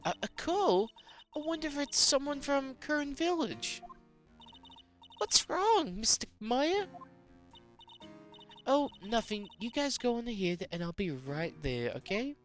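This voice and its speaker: A chirpy, curious young medium with a high, bright lift to every line, as a woman reads her. She asks eager questions at a slow pace. Faint game music plays beneath. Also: very animated.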